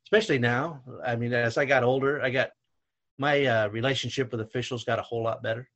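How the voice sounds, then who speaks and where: Older man, retired coach, storytelling, animated, voice climbs when recalling arguments. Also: medium pitch, quick pace. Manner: animated anecdotes, voice rising when retelling shouting. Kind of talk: storytelling in conversation.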